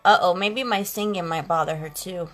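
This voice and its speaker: This woman's voice is fairly low and fairly bright, and she keeps a moderate pace as she chats sassily with makeup live stream viewers, calling them "girls" and "honey." Faint eighties instrumental music sits in the background of the low-quality recording.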